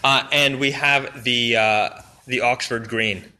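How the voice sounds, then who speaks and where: A brand representative casually shows new clothing on a live stream, enthusiastic and rambling, full of fillers and restarts. His medium-pitched voice is steady, slow, pushed, and bright. It's picked up by a phone or camera mic.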